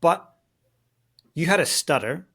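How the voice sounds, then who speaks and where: A man's voice: a little high, lively intonation, measured pace, a crowd in the background. A man hosting a podcast interview, asking earnest, probing questions. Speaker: podcast host.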